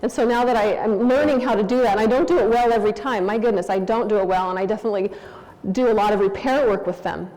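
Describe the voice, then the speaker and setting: A woman's voice: medium pitch, fast talker. Woman speaking in a reverberant hall. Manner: candid, anecdotal, animated. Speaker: church speaker. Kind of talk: talk on parenting.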